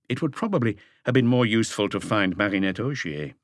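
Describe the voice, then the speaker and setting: Lively low-voiced male narrator. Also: brisk, few pauses, dry recording, studio quality. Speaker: audiobook narrator. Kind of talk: scripted narration.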